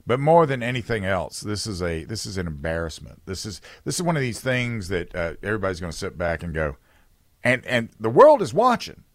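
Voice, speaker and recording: A man hosting a political talk radio show, talking emphatically with loud bursts, low asides and many restarts. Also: animated, fast, hardly any pauses, no room sound, clean studio sound.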